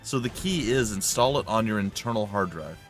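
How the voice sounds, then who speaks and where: Brief: chatty male let's player, lowish voice, faint music behind. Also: animated, normal speed. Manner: rambling, chatty, self-correcting. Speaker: let's play host. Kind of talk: casual gameplay commentary.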